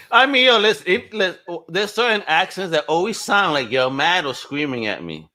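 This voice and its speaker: Excitable bright-voiced man, lively swearing. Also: high-pitched, moderate pace. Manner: excitable, profane slang. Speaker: podcast co-host. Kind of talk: casual chat.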